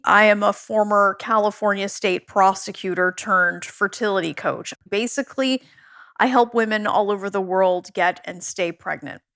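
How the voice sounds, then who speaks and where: A woman's voice: medium pitch, normal speed, fairly bright tone, no room sound, clean studio sound. A woman fertility coach, a guest on a podcast, speaking in a confident and articulate way.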